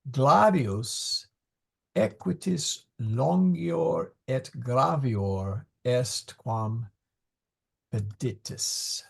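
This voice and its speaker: A man teaching a Latin class, unhurried, often pausing to hunt through his notes and muttering asides to himself. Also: medium pitch, creaky, husky.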